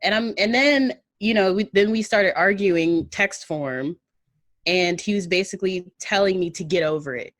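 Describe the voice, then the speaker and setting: A podcast co-host with a mid-range voice, a little tipsy, tells a story at a moderate pace in casual chat. She's loose and laughing, full of ums and swearing, and the recording has no room sound.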